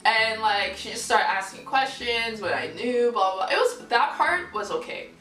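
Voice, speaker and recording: A woman's voice: fairly high pitch, normal speed. Young woman vlogging in an echoey room. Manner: candid, lively, swears freely, acts out quoted people. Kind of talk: casual storytelling to camera. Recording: roomy echo, voice from far off mic, faint music.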